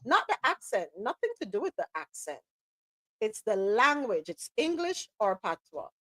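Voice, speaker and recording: A woman's voice: fairly high pitch, very animated, normal speed, pushed and bright, no echo. A woman with a Jamaican accent hosting a live talk podcast, giving emphatic, opinionated commentary and slipping into patois now and then. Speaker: podcast host.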